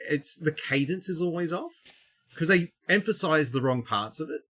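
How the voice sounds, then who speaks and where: A man's voice: on the high side, lively intonation, normal speed, bright, forceful tone. An Australian man co-hosting a podcast, chatting casually with sweary banter. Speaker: podcast co-host. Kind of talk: casual chat.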